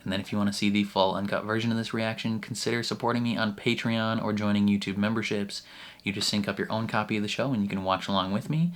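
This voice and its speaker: A man hosting a reaction vlog in casual, animated talk, laughing between phrases and leaning heavily on "like" as a filler. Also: on the low side, fast. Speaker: reaction channel host.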